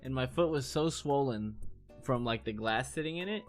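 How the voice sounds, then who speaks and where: A man in his late thirties who streams, spinning crude, rambling tales and laughing at his own jokes. His voice sits at an ordinary middle pitch, and faint music hums behind him. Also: expressive, normal speed. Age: 30s. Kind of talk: casual storytelling chat.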